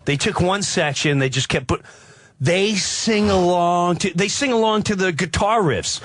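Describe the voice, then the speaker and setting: A man telling a loud, profane story on a radio show, acting out quotes in bursts. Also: sits high, a little slow, no echo. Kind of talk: casual radio chat, storytelling.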